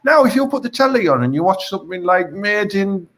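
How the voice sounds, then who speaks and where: Lively man bantering. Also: sits high, a little fast. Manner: animated, cheeky banter. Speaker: co-host. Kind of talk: casual banter.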